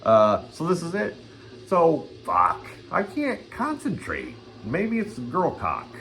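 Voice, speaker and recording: A man's voice: a little high, wildly swooping pitch, slow pace, music in the background. An older man hosting his own channel, ranting crudely and swearing constantly in a rambling vlog. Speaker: channel host. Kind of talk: rambling profane vlog rant.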